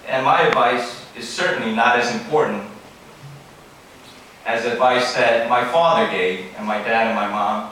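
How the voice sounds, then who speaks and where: A man in his forties delivers a formal keynote at a banquet in a large hall, earnest and full of advice, with asides and self-corrections. His mid-range voice is a bit bright. The hall is very echoey, the mic is distant, and there's faint room ambience plus slight background noise.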